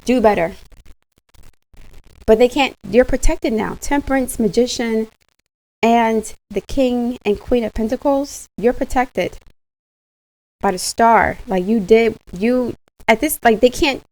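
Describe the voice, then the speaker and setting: A woman giving a casual tarot reading straight to her viewers, animated and slangy, laughing often. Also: on the high side, slow, long pauses, low-quality recording. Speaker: tarot reader.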